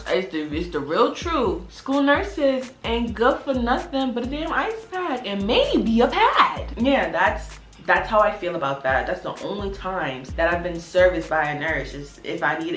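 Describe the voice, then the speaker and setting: A woman's voice: fairly low pitch, a bit bright. A young woman from Brooklyn tells a casual storytime, blunt and swearing freely. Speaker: vlogger. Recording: roomy sound with faint music.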